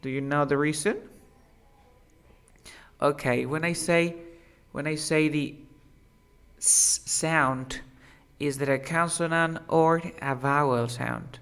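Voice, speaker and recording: A man's voice: on the high side, fairly even intonation, measured pace, pauses often, fairly bright tone, clear, resonant tone. A man who is a native Spanish speaker teaching English pronunciation, patiently repeating words for a student to drill. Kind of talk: one-on-one pronunciation lesson.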